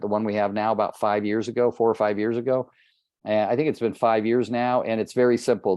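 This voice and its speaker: A man's voice: on the low side, a little mellow, dry recording, studio quality. A man coaching real estate agents on a live call, talking plainly and addressing listeners by name.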